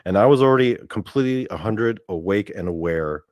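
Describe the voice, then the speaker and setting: Young male host, low-pitched, loose rambling storyteller who swears and fills every pause with "like". Dry and close. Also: lively intonation, no echo, muffled recording. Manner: rambling, full of "like" fillers and cursing. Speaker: podcast host. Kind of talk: casual storytelling.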